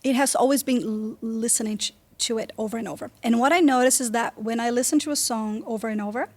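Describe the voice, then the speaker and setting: Lively Brazilian-accented woman, fairly high. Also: quick pace. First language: Portuguese. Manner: lively, laughs often. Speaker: guest singer. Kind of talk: casual interview chat.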